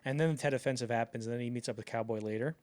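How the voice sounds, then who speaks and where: A young man co-hosting a podcast in casual chat, talking animatedly and jumping into loud acted-out quotes. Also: mid-range voice, racing. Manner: animated, acts out quotes in bursts, many fillers. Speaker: podcast co-host.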